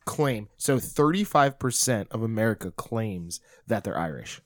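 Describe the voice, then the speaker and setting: A man's voice: on the low side, expressive, measured pace, no room sound, clean studio sound. A man co-hosting a casual podcast chat, rambling a little and laughing between lines. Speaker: podcast co-host.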